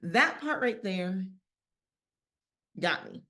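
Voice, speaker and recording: A woman teaching scripture in a casual, lively way, acting out quoted voices and laughing often. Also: medium pitch, extremely slow. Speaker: Bible teacher.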